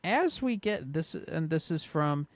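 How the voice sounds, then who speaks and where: A man's voice: fairly high pitch, sing-song, unhurried, dry recording. Joking podcast man, dry close sound. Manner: joking, reads listener questions aloud. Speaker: podcast co-host. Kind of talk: casual sports chat.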